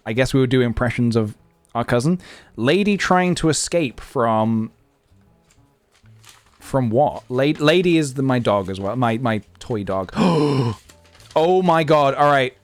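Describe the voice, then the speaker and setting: A man's voice: medium pitch, expressive, a little slow, long pauses, dry recording, soft background music. Rambling young man streaming. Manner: rambling, thinking aloud, many fillers. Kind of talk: casual live-stream chat.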